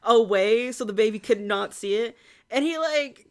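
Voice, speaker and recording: A woman co-hosting a podcast, chatting casually about a film with quick jokes and asides. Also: on the high side. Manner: joking, quick asides and backchannels. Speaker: podcast co-host. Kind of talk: casual movie recap chat.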